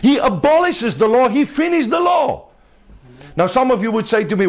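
His voice is notably high and sing-song as he gives a sermon to a small gathering at a house. The delivery is emphatic but chatty, at a moderate pace, with bits of light laughter mixed in.

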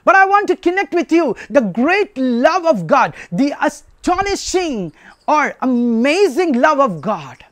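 High, lively-voiced male preacher. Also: measured pace, no room sound. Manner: emphatic, repetitive preaching with rhetorical questions. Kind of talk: sermon.

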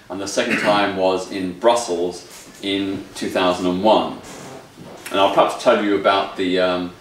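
A man's voice: deep voice, a little hiss or hum. Man telling a story in an echoey hall. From United Kingdom. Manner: measured, anecdotal, with small restarts. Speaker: speaker giving a public talk. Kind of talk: storytelling lecture. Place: public hall. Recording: echoey hall, distant mic.

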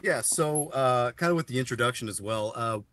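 A man's voice: medium pitch, normal speed, fairly bright tone. A man hosting a podcast, asking his guest questions in an easygoing, rambling way with many uhs. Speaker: podcast host. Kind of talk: casual chat.

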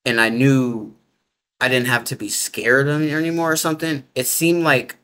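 With a bright, forceful mid-range voice and fairly even intonation, a male interview guest speaks at normal speed. His account rambles along casually, heavy on the filler "like" and informal grammar.

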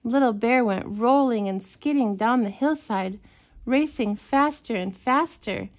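Woman storyteller, gentle bedtime reading, unhurried and a little high. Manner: gentle, expressive.

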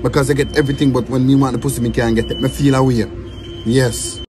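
Complaining man over loud music. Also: medium pitch, fairly even intonation, fast. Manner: emphatic, complaining. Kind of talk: comic confession clip.

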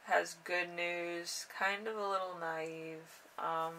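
A young woman giving a casual tarot reading in an unhurried, rambling way with drawn-out fillers. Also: fairly low pitch, fairly even intonation, sharp tone, distant mic, slight background noise, low-quality recording. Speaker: tarot reader.

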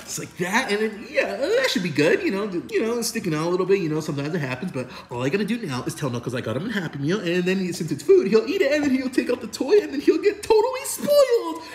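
A man's voice: sits high, very animated, fast, few pauses, reverberant. A man voicing a scheming, cocky male hedgehog in a puppet comedy sketch, sneaky and rambling. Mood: plotting. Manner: sneaky, rambling, fumbling when caught.

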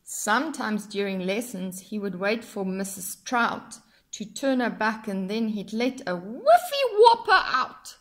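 Slow sing-song woman reading a picture book. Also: medium pitch, big pitch swings, a bit bright. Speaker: storyteller.

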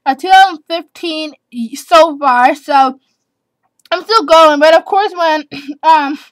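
Little girl around eleven rambling thru tag questions, high voice, giggles a lot, repeats stuff. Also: slow, dry recording. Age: child, eleven. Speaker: vlogger. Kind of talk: casual chat answering tag questions.

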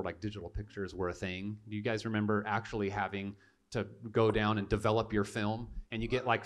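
A young man preaching to his church, telling a childhood story with animated, self-mocking humor and acted-out voices. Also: mid-range voice. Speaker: pastor. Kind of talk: storytelling sermon. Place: church sanctuary.

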